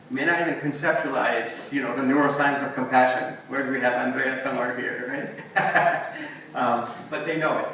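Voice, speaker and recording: A man with a bright, clear-edged voice gives a relaxed, story-driven keynote, easing along with ums and friendly asides. He is picked up from a distance in a large, strongly echoing hall. A faint hum of noise sits under the sound. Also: mid-range voice. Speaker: invited guest speaker. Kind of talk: conversational storytelling keynote talk.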